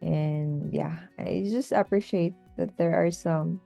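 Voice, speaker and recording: A woman's voice: on the low side, slow, gravelly, dark tone, soft background music. A woman tutor talking through her teaching interview in a casual vlog, hesitant with many fillers and restarts. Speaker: online English tutor.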